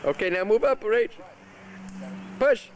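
A man with a high, unhurried voice narrates offhandedly from behind the camera while filming kids playing at a suburban backyard party. He directs and cheers them on. Crowd chatter is audible through the camcorder's built-in microphone.

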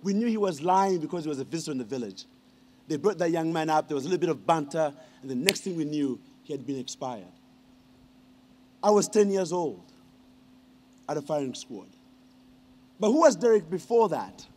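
A man's voice: on the high side, expressive, fairly quick, long pauses, darkish tone. A man, giving a humorous ceremonial speech and teasing the audience with questions. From Uganda. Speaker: honorary degree recipient giving a speech.

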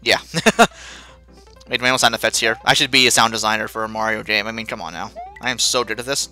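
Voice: mid-range voice, steady tone, quick pace, pushed and bright. A let's play host giving self-mocking gameplay commentary, with sudden panicky outbursts. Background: faint game music.

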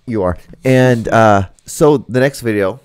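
A man's voice: medium pitch, measured pace, clean tone, dry recording, clean studio sound. A man co-hosting a podcast in casual chat, rambling with lots of fillers and swearing. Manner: crude, rambling, full of fillers and profanity. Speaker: podcast co-host.

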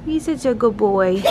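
A woman's voice: on the high side, very noisy. A woman chatting casually in a home vlog, often laughing and speaking sing-song to her children, recorded on a handheld camera. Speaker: family vlogger and mother. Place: family home indoors.

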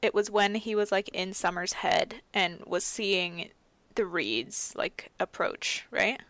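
A woman's voice: medium pitch, slow pace, a bit bright, no echo. A young adult woman co-hosting a casual book podcast, laid-back and giggly, with plenty of fillers. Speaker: podcast co-host.

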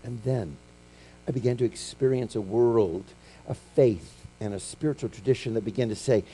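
A middle-aged man preaching a sermon, telling stories and acting out quotes, swinging from loud to hushed. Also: medium pitch, lively intonation, a little fast. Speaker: pastor.

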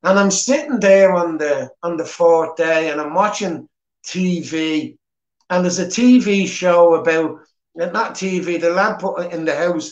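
A man with a Dublin Irish accent telling his personal testimony at church in an earnest, plain-spoken way. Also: on the high side. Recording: echoey church hall.

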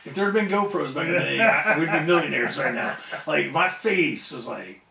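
Man guest telling a rowdy story, gravelly, off-mic in an echoey room. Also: on the high side, moderate pace, a little hiss or hum. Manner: animated, profane, acts out other people's voices. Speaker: wrestler interview guest. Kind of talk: casual storytelling. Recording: roomy echo, somewhat off-mic.

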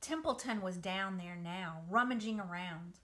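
A woman reading a children's novel aloud for a book club, with expressive storytelling. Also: medium pitch, moderate pace.

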